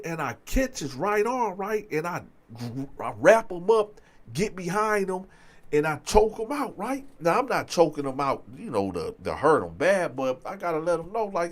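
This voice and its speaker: Animated man telling a street story. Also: high-pitched, a little slow. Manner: animated street storytelling, acts out quotes, frequent "right?". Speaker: storyteller host. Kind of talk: casual storytelling.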